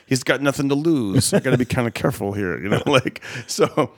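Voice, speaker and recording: A man's voice: medium pitch, expressive, a little fast, dry recording. Rambling male comedian, dry close sound. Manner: rambling, lots of "like" and restarts. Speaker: stand-up comedian. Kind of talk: casual chat, telling road stories.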